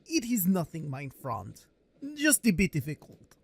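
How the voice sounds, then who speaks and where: A man's voice: fairly high pitch, wildly swooping pitch, creaky, breathy edge, exaggerated voice. A man voicing a solemn middle-aged male psychiatrist with a put-on German accent that slips toward Russian. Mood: grave. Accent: put-on German, drifting toward Russian. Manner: slow, earnest, formal warnings.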